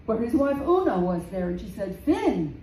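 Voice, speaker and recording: A woman storyteller telling a folktale live in a community center room, slow and dramatic, repeating phrases for effect. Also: mid-range voice, very animated, dark tone. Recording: roomy, distant, faint background noise.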